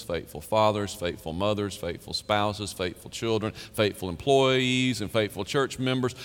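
Emphatic male pastor in an echoing hall. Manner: emphatic, conversational preaching, swings to quiet and low. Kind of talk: sermon. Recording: reverberant hall.

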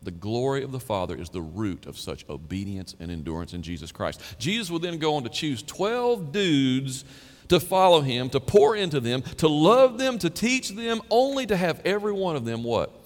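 Male pastor, emphatic conversational sermon, mid-pitched, long hall reverb. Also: big pitch swings, normal speed. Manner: emphatic, conversational preaching, swings to quiet and low.

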